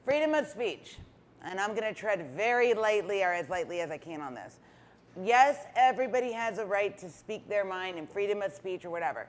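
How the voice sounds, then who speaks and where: A woman's voice: medium pitch, expressive, moderate pace. A woman co-host on a morning talk show, blunt and opinionated. She talks casually, tripping over a word now and then as she makes her point. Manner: opinionated, frank, stumbles over words.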